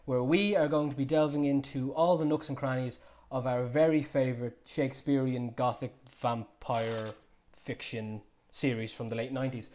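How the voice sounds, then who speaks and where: A man's voice: medium pitch, fairly even intonation, normal speed, darkish tone. A man in his twenties hosting a casual podcast chat, full of teasing banter. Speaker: podcast host.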